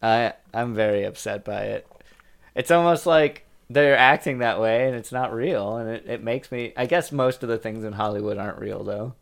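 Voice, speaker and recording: A man's voice: medium pitch, normal speed, creaky. A man co-hosting a podcast in casual comedic chat, joking and laughing often. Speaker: podcast co-host.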